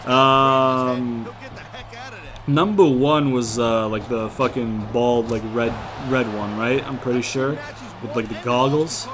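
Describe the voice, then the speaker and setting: Rambling profane young gaming commentator. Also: male voice, mid-range voice, steady tone, slow pace, background noise. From outside the US. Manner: rambling, profane, bursts into loud exasperated outbursts. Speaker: gaming YouTuber. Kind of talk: casual let's-play commentary.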